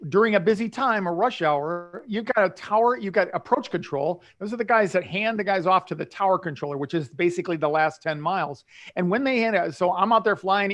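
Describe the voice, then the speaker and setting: An older man, an airline pilot hosting a live talk show, calmly explaining things to nervous flyers with many restarts. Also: high voice. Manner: earnest, reassuring, with many restarts.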